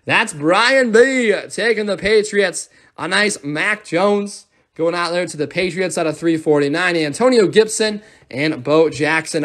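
A man's voice: on the high side, a bit bright. A young man hosting a live sports card break, rattling off player names and thanking viewers as he opens packs.

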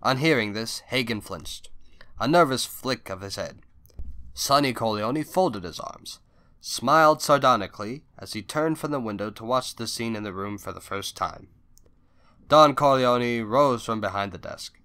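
A man narrates a novel in a steady, even read. His voice is bright and forceful, with a mid-range pitch. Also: unhurried, smooth. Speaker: audiobook narrator. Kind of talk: scripted narration.

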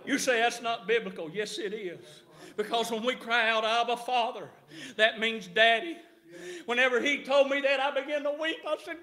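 Middle-aged male preacher, high bright tone, shouting revival delivery with frequent amens. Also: normal speed. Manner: rising to shouts, punctuated with amen. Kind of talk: revival sermon. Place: church.

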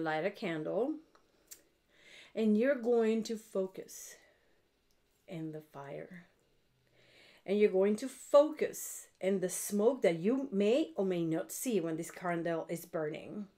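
Speaking at a measured pace in a dark, medium-pitched voice, a middle-aged woman leads a casual spell tutorial for her witchcraft channel. Her manner is blunt and chatty, with plenty of swearing and frequent check-ins with viewers.

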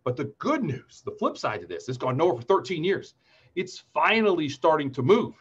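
A man's voice: on the high side, very animated, normal speed, fairly bright tone, slightly rough, highs cut off. A man in his forties from Ohio, giving a webinar market outlook in a chatty, upbeat way and telling anecdotes between the chart talk. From Ohio, USA. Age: 40s. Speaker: market strategist presenter. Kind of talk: webinar presentation.

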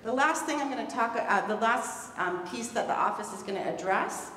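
A woman's voice: on the high side, lively intonation, normal speed, a bit bright. A woman giving an earnest, emphatic conference talk, stressing and repeating key words. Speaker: presenter at a conference. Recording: echoey hall, far from the mic, faint hum.

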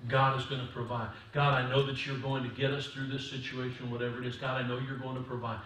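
A male pastor giving a sermon in a church, moving from quiet talk to loud preaching. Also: medium pitch, level tone, fast talker, slight background noise. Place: church sanctuary. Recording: distant mic in echoey church hall.

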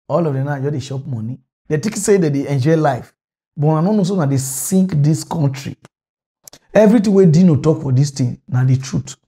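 A man's voice: fairly high pitch, warm tone. A man from Delta State, Nigeria, with a Nigerian Pidgin accent, ranting in an agitated, scolding monologue about politics. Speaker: political commentator. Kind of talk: impassioned monologue rant.

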